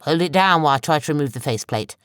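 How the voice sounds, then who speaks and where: Woman doing a low murmuring sergeant major. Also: lively intonation, racing, clean tone, dry recording, studio quality. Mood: steady. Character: gruff male sergeant major, controlled.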